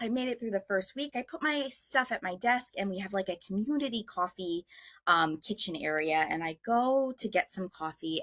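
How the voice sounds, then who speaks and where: A woman's voice: lowish voice, a bit bright, no echo. A young woman speaking as a guest presenter on a video call, telling a story with animation, self-deprecating humor and frequent ums. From Michigan. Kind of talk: webinar presentation.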